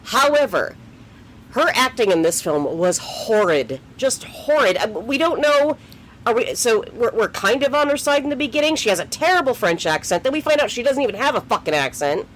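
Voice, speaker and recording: A co-host of a movie review podcast, giving opinions in casual, expressive chat that exclaims and jokes. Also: medium pitch, moderate pace, slight background noise.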